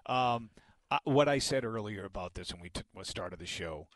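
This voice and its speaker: A man's voice: on the low side, lively intonation, fairly quick, dry recording. A man hosting a sports talk radio show, making his points emphatically and leaning on repeated words. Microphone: studio microphone.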